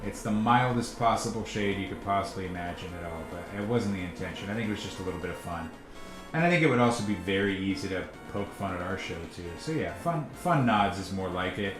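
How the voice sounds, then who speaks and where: A man's voice: lowish voice, brisk. A man, the creator of a cartoon, telling stories in casual chat, laughing often. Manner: chatty, laughs often, animated storyteller. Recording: roomy echo, faint music.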